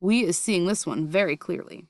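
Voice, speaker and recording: A woman voicing a big, gentle, excitable male giant who talks in jumbled, ungrammatical words, in a storybook reading. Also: lowish voice, normal speed, dry recording, clean studio sound, lightly acted. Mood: explaining.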